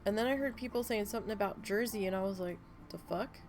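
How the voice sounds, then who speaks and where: A woman's voice: medium pitch, very fast, darkish tone, soft background music. A woman live-streaming a game, chatting casually and telling rambling stories with plenty of swearing. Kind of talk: casual live-stream chat while playing.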